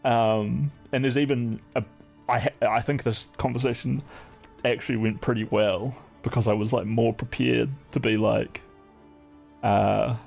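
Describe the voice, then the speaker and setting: Male streamer, mid-pitch with a gravelly edge; loose, profane, filler-heavy chat over faint music. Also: steady tone, unhurried, a little mellow.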